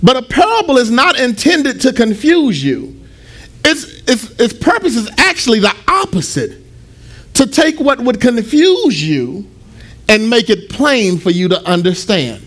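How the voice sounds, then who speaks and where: A male pastor preaching a storytelling sermon, animated, acting out the dialogue in his story. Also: extremely high pitch, normal speed.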